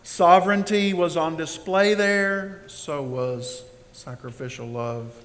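A man preaching a sermon as pastor, slow and emphatic, building in intensity. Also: a little high. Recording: long reverb of a large hall.

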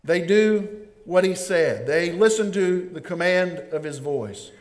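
A man preaching a sermon in a lively, joking way, acting out the scenes he describes. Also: sits high, measured pace. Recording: long reverb of a hall.

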